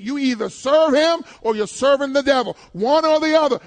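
A man preaching with a very high, gravelly voice. He talks straight to his congregation, swinging between loud, shouted declarations and quiet, hushed asides. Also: normal speed, hardly any pauses. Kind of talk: sermon.

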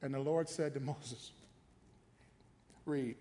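A man pastor preaching an animated, emphatic sermon in a church sanctuary, mixing jokes and repetition. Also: medium pitch, takes it slowly. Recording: long hall reverb.

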